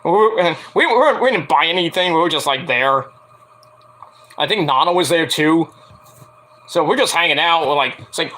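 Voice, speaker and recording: A man's voice: a little high, lively intonation, moderate pace, sharp tone. A man rambling casually to camera as a wrestling vlogger, swearing freely and full of fillers. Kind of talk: casual profane chat to camera.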